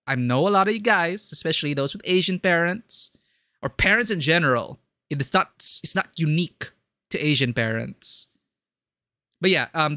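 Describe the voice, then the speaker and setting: A streamer talks casually to chat while playing a story game, expressive and quick to react. The voice is bright and forward, with a close, dry sound. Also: mid-range voice, dry recording.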